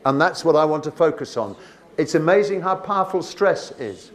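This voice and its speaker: A man's voice: fairly high pitch, animated, moderate pace. A man leading a teacher workshop, reading poem lines aloud and asking the room questions, with many restarts. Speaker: teacher trainer.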